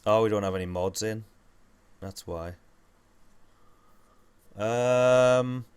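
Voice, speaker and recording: A man's voice: fairly low pitch, slow, smooth. A man with a Geordie accent chatting casually and rambling through a gaming livestream. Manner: chatty, rambling, laid-back.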